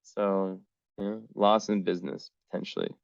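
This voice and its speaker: A man's voice: low voice, steady tone, moderate pace, gravelly, no echo, lo-fi sound. A man reading astrology charts in a casual, rambling way, full of fillers and the odd swear word.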